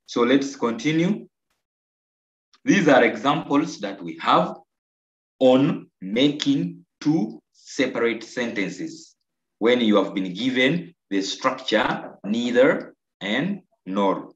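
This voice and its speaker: A Ugandan man teaching an online English lesson, slow and coaxing, repeating answers and praising his pupils. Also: mid-range voice, big pitch swings. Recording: roomy, dull lo-fi video call audio.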